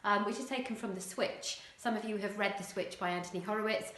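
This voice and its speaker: A woman primary school teacher explaining a writing lesson clearly, with occasional fillers. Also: medium pitch, fairly quick, a bit bright, reverberant.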